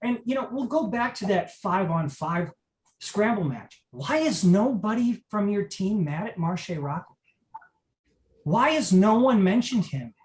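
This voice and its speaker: Cocky wrestler guy talking slow, roomy echo. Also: sits high, sing-song. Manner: cocky, confident. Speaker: wrestler guest. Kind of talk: wrestling promo.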